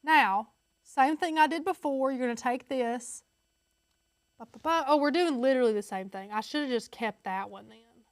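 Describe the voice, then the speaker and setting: Chatty upbeat woman, bright high voice. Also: normal speed, dry recording, clean studio sound. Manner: chatty and upbeat, talks straight to viewers. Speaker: crafting tutorial host. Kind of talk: casual step-by-step screen tutorial.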